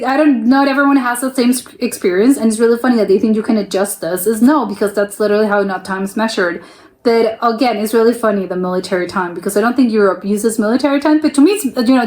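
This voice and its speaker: A chatty young woman from the US talks through a reaction video in a casual, unscripted way. Her voice sits a little high, and her thoughts wander and double back before she finds the point. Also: darkish tone. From United States. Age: young adult. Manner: rambling, self-interrupting, laughs often.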